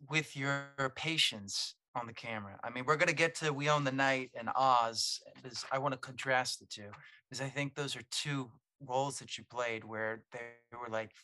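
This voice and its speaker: A man hosting a podcast, asking hesitant questions with fillers and reading a brisk sign-off. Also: mid-range voice, bright, forceful tone, no room sound. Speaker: podcast host. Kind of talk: casual interview questions.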